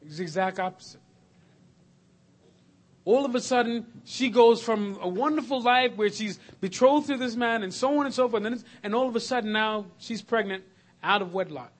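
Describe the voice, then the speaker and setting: A man preaching a sermon, swinging between loud, emphatic lists and hushed, slow passages. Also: high-pitched.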